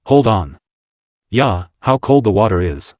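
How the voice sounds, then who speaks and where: A man's voice: on the low side, sing-song, a little slow, a little mellow, no echo, clean studio sound. A man reading the lines of a sleepy, grumbling teenage boy in an audiobook, drowsy and complaining.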